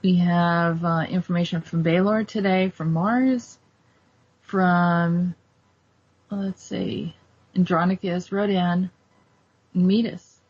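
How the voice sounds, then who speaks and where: A woman hosting a casual talk show, rambling warmly with lots of fillers and restarts. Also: fairly low pitch, fairly even intonation, slow pace, pauses often, slightly rough. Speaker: show host. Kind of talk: casual chat. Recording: dull lo-fi sound.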